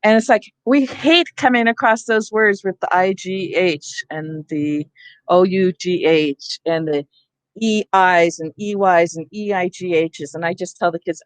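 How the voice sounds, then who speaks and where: A woman's voice: lowish voice, unhurried, no room sound. A woman leading a teacher training session on reading, explaining in a conversational way and often checking in with her listeners. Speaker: literacy trainer.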